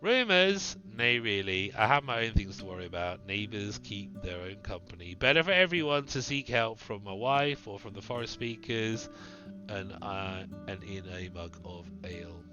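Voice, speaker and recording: A man voicing a portly, bearded male villager trader with a gruff Scottish accent. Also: lowish voice, lively intonation, moderate pace, highs cut off, over music, lightly acted.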